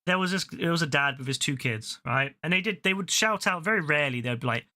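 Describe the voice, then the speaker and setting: A man's voice: fairly high pitch, fast talker. A man, chatting casually while gaming, ranting animatedly with a lot of swearing. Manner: ranting, profane, animated storytelling. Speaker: gaming video host.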